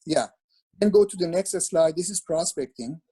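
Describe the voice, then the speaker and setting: A man's voice: fairly high pitch, animated, normal speed, dark tone, slightly rough, low-quality recording. A man speaking as a webinar presenter over a video call, instructing in an earnest, repetitive way with frequent restarts.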